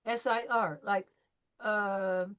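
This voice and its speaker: A woman teaching French pronunciation to a class. She calls on students one by one, models each sound slowly and repeats it, and gives patient, encouraging feedback. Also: mid-range voice, steady tone, a bit bright. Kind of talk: pronunciation drill in a live class.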